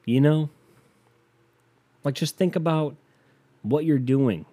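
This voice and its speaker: A man's voice: fairly high pitch, takes it slowly, dark tone. A man from the United States doing a solo comedic rant, profane, rambling and self-mocking.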